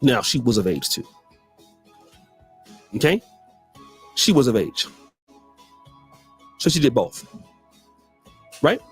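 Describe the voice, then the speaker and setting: A man's voice: mid-range voice, very animated, takes it slowly, long pauses, husky, faint music behind. A man giving emphatic commentary, repeating phrases for effect. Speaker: guest commentator. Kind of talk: animated commentary.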